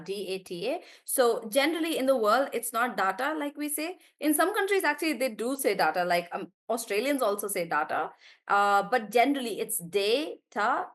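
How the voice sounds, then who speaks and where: Her voice sits on the high side and sounds a bit bright. She's an English teacher in a live online class, warmly chatting, naming students as she praises them, and laughing frequently between explanations.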